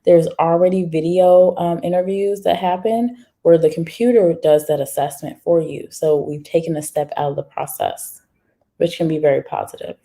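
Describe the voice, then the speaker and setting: A woman's voice: fairly low pitch, steady tone, normal speed, mellow. A woman hosting a casual live stream, chatting straight to viewers and reading their comments aloud. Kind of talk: casual livestream chat.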